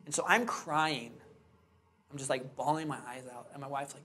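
Male real estate trainer in his thirties, higher-pitched voice, candid storyteller addressing a class in a training room. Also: a little fast. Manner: candid, animated storytelling with quoted dialogue. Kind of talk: storytelling talk to a live class. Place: training room with hard floor.

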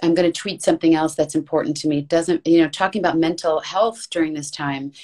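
A woman's voice: sits low, a little mellow. A woman talking as an interview guest about her voice-acting work, chatty and earnest, in long flowing runs. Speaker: guest voice actress. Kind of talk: casual interview.

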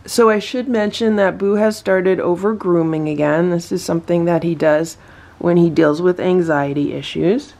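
A woman narrating her home cat rescue vlog in a calm, matter-of-fact way, switching to sing-song baby talk for her cats. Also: lowish voice, measured pace. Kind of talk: casual narration to camera.

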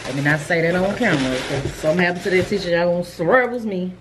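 A woman in her fifties, a chatty and excitable vlogger who talks straight to her viewers from home. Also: lowish voice, fast talker, noisy background. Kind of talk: casual vlog chat.

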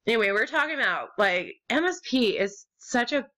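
A young American woman rambling and gushing as she opens gifts in an online game, with sudden squeals and low mutters. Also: lively intonation, moderate pace, bright, forceful tone. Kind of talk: casual gaming commentary.

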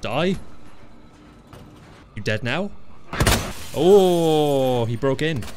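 A young man chats casually over his gameplay, mid-pitched and quick to burst into laughter or startled yelps. His talk is loose and full of swearing, with a light hiss in the background. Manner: excitable, swearing, laughing often, yelps at surprises. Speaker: gaming video host.

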